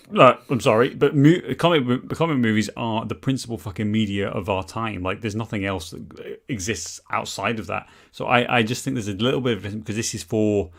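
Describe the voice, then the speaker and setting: Excitable low-voiced man talking films. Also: moderate pace, gravelly. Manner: excitable, stumbling restarts. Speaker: podcast co-host. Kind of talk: casual chat.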